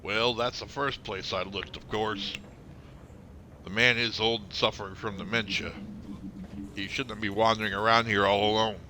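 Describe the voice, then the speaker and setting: A man's voice: fairly low pitch, fairly even intonation, moderate pace, bright, forceful tone, a little hiss or hum. A man streaming a game, reading all its dialogue aloud in his own voice, stumbling over words now and then, with the hiccups. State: has the hiccups.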